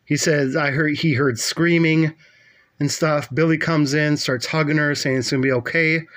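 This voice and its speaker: A man's voice: on the high side, steady tone, normal speed, fairly bright tone. A middle-aged man casually retelling a movie plot, rambling and swearing a lot, with plenty of fillers. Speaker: movie recapper.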